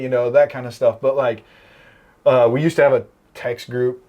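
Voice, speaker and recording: A man's voice: medium pitch, fairly even intonation, moderate pace, warm tone, dull audio. Laughing storyteller, young firefighter guy. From American Midwest. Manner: anecdotal storyteller, laughs often. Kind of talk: casual podcast conversation.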